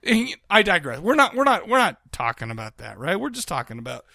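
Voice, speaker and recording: A man co-hosting a podcast, retelling a film in an animated way with crude jokes. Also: high voice, a little fast, creaky, no room sound, clean studio sound. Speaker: podcast co-host. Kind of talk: casual film chat.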